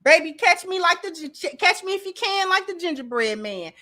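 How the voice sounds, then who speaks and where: A woman's voice: very high voice, expressive, a little fast, sharp tone. A woman hosting a commentary channel, reacting in a sassy, emphatic way and calling people baby.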